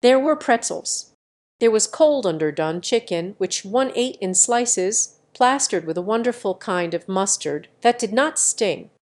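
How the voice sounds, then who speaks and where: Slow, measured woman narrating an audiobook. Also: mid-range voice, animated. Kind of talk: scripted narration.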